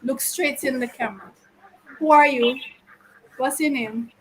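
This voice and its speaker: A high-voiced woman teacher, speaking at an unhurried pace. She chats casually with her pupils in a classroom, teasing them playfully with question after question. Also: fairly bright tone, rough recording.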